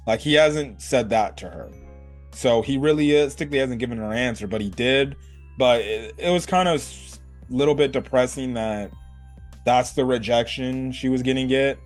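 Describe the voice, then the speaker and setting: Casual male reviewer, mid-pitched, chatty, rambling, lots of filler words, faint music underneath. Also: moderate pace. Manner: rambling, full of "like" and "you know"; animated, jumps between high and low pitch. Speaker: anime reviewer.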